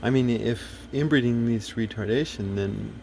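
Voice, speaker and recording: A man's voice: medium pitch, moderate pace, creaky, warm tone, slight background noise. A man talking casually to the camera, rambling and blunt, full of fillers, restarts and swearing. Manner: profane, blunt. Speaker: video host.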